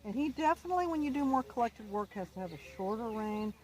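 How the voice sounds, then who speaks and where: A woman riding instructor, calm and encouraging as she coaches a rider through an outdoor lesson. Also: fairly high pitch, fast talker.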